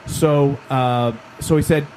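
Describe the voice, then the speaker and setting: A middle-aged man telling a long story in a casual podcast chat, lively and acting out the people in it. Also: mid-range voice, takes it slowly, a little hiss or hum. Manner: animated storyteller who acts out quoted voices.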